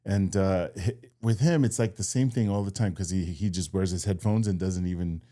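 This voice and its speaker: A man's voice: low-pitched, normal speed, warm tone. A man co-hosting a podcast, telling a casual story in an easygoing way, chuckling often and restarting his sentences. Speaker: podcast co-host. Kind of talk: casual chat.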